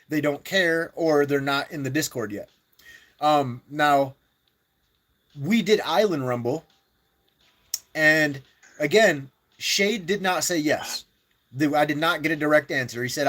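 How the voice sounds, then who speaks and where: A man's voice: a little high, a bit bright. A man streaming a mobile war game, talking strategy in a rambling way with many fillers and restarts. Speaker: gaming live streamer. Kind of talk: casual strategy chat.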